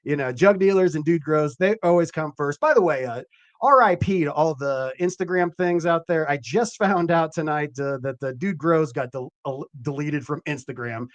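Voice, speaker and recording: A man hosting a cannabis growing podcast live, chatting casually in an animated, rambling and profane way. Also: fairly high pitch, moderate pace, no echo, lo-fi sound. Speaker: podcast host. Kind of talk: casual live-stream chat.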